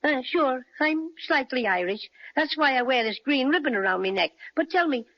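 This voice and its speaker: A woman's voice: high-pitched, animated, moderate pace. A woman voicing a small, friendly male teddy bear with a playful Irish-flavored lilt, in a radio play on a dull lo-fi recording. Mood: kindly, coaxing.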